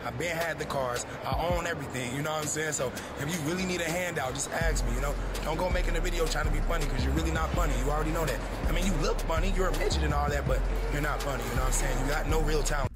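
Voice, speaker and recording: A man's voice: fairly high pitch, fairly even intonation, rapid-fire, few pauses. A man in a YouTube clip, boasting and trash-talking in a cocky rant. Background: loud music.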